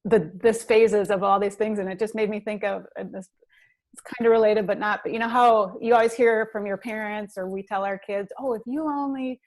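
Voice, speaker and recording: A woman's voice: medium pitch, flat delivery, a little fast, darkish tone. Encouraging mother in casual chat. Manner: encouraging, upbeat. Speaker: parent, guest in discussion. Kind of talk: casual group video chat.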